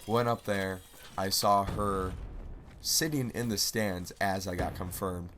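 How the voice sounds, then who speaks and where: A man's voice: deep voice, fairly even intonation, takes it slowly, background noise. A young man vlogging, telling a personal story in a rambling, exasperated way with lots of filler words. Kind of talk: casual storytelling.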